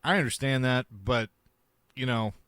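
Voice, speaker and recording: Casting: male sports radio host, smooth resonant voice, dry close sound, opinionated. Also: mid-range voice, a bit bright, no echo. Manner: reads listener texts, brisk and opinionated.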